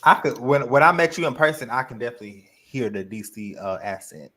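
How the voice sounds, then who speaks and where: A man's voice: mid-range voice, expressive, a little fast, a bit bright, slight background noise. A man in a casual chat, teasing and laughing along with a very swooping delivery.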